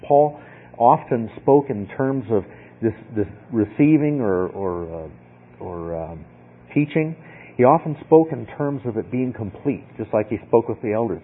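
A man's voice: medium pitch, lively intonation, moderate pace, husky. A man teaching a Bible lesson in a conversational way, often checking in with "okay?". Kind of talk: sermon. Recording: tinny phone-like sound.

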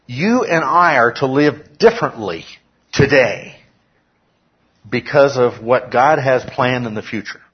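Husky male pastor preaching. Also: medium pitch, animated, unhurried, highs cut off. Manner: peppers talk with "okay?", rises to emphatic shouts. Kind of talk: sermon. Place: church.

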